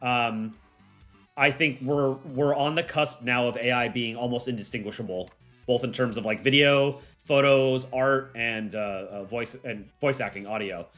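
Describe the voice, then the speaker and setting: A man's voice: mid-range voice, unhurried, a bit bright, soft background music. A young man hosting a livestream, chatting casually and rambling with lots of fillers. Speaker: livestream host.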